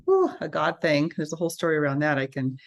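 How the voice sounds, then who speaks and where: A woman, a registered nurse, telling her story as a guest in a casual interview, animated and acting out the voices she quotes. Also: low voice, fast talker.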